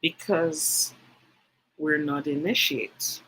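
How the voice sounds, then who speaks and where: A woman teaching spiritual matters on a livestream, in an unhurried, deliberate delivery. Her voice has a husky, slightly breathy grain. She leans hard on key points, repeats her phrases for weight and breaks off to address the viewers typing in her chat. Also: low voice, a bit bright, poor audio. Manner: emphatic, repeats phrases for stress; speaks directly to live chat viewers.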